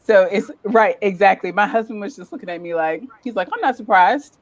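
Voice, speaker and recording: A woman guest in a casual interview, chatting in an animated way and laughing often as she tells stories. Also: medium pitch, a little fast. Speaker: guest, lifestyle content creator.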